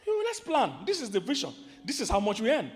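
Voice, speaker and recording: A man with a Nigerian accent preaching about marriage to a live audience. He swings from loud emphatic lines to quiet asides and keeps asking the crowd questions. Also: very high-pitched, huge pitch swings, brisk. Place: large hall with an audience. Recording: hall reverb from a large venue.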